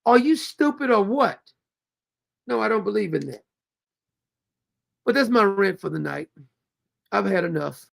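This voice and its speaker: Gravelly man ranting with blunt heat. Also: high-pitched, expressive, unhurried, long pauses, fairly bright tone. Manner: blunt, heated, profane, preachy. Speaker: show host. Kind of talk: angry political rant.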